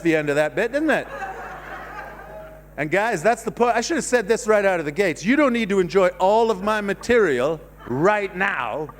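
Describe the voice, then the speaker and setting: A man doing a stand-up comedy set on a cinema stage, rambling and self-deprecating, going from loud bursts down to mumbling. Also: sits high, big-room sound, a little hiss or hum. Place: cinema stage before a live audience.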